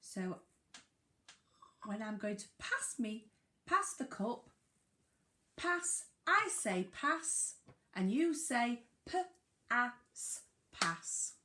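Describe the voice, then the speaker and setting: A woman teaches phonics to small children, drawing out each sound in a slow, emphatic sing-song. Her pitch rises and falls widely, and her tone is bright. The voice sounds echoey, as if recorded in a bare room. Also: big pitch swings, a little hiss or hum. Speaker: primary school teacher. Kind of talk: phonics lesson for young children.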